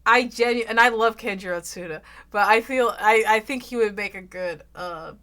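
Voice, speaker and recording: A young woman with an American Southern accent, chatting loudly and casually with her stream audience, rambling and swearing freely. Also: moderate pace, hardly any pauses. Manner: loud, rambling, swears freely, bursts into shrill laughs. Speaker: VTuber streamer.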